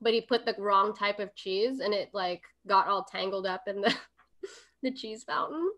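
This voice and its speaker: A woman's voice: medium pitch, normal speed, a bit bright. A woman co-hosting a casual cooking livestream, chatty and explaining food science between laughs. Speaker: co-host. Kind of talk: casual chat on a cooking stream. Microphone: webcam stream setup.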